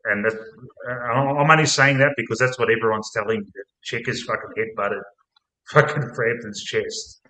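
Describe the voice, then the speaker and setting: An Australian man hosting a casual football podcast, blunt, sweary and excitable. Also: mid-range voice, moderate pace. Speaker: podcast host. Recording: roomy echo.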